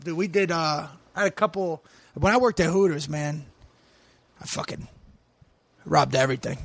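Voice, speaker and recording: A man's voice: on the high side, moderate pace, creaky, fairly bright tone, no room sound. A man in his forties telling a profane story in casual podcast talk, acting out the people he quotes. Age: 40s. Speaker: comedian guest.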